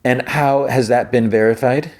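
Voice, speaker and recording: A man voicing a curt, skeptical woman senator who fires off sharp, doubtful questions. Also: medium pitch, steady tone, normal speed, voice pushed up, close to an everyday voice.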